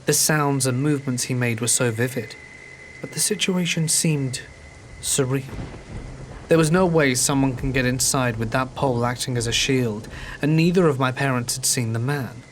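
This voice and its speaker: Guy reading a creepy true story, steady and calm, soft rain noise behind. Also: medium pitch, moderate pace. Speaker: horror story narrator. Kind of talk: scripted narration. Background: faint rain.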